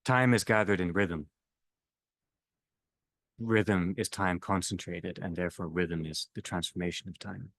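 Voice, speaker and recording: A man leading a reflective theological discussion, speaking slowly in halting phrases that trail off softly at their ends. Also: sits low, steady tone. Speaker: discussion leader.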